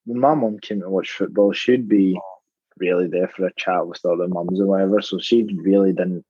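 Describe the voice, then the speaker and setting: Husky low-voiced man, dull dry audio. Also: fairly even intonation, brisk, no echo. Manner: plain-spoken, hesitant, lots of "like". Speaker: guest, football player. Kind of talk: casual interview.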